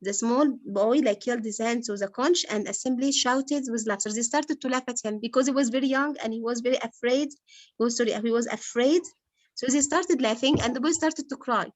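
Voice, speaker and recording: Enseignante, arabe, voix assez aiguë, son sec et proche : explique un roman à sa classe avec patience, pose des questions aux élèves. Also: female voice, fairly high pitch, brisk, no room sound. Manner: patient, quizzes pupils, many fillers like "like". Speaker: English literature teacher. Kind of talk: explaining a novel to a class.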